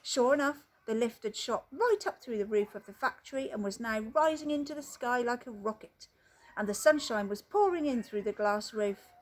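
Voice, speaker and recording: A woman reading a children's book aloud outdoors, telling the story with expressive, animated delivery. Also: a little high, normal speed. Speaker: reader.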